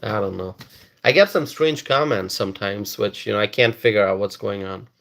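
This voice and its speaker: A man's voice: lowish voice, moderate pace, creaky, a bit bright. A man doing live-stream commentary and reading viewer comments, emphatic and repetitive, often stalling and restarting words.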